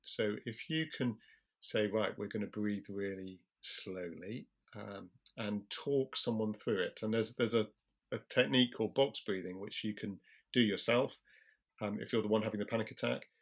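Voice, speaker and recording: A British man, a general practitioner, explaining things in a calm, measured way during an interview and slowing his speech on purpose. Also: fairly low pitch. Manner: calm, measured, slows deliberately for emphasis.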